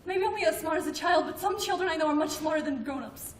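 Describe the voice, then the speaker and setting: Childlike grown woman, very high. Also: expressive. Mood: pleading. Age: adult. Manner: earnest, halting, stammers when upset. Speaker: grandmother's grown daughter. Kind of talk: film drama acting. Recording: roomy, distant film sound, faint noise.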